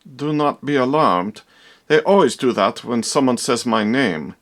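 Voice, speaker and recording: A man doing a stern, slow old housekeeper. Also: medium pitch, animated, fairly bright tone. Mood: ominous. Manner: slow, heavy, foreboding. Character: stern older female housekeeper, ominous.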